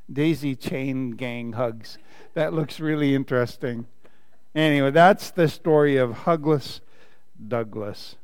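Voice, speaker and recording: A man, a pastor, reading a children's story aloud during a sermon, animated and playful with laughing asides. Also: mid-range voice, slow pace, clean tone, big-room sound.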